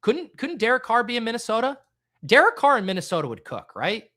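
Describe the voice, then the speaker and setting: A man in his thirties hosting a live stream, chatting excitably with his viewers while drafting. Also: very high-pitched, a little fast. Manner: excitable, animated, talks to chat. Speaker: fantasy football streamer. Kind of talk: live-stream casual chat.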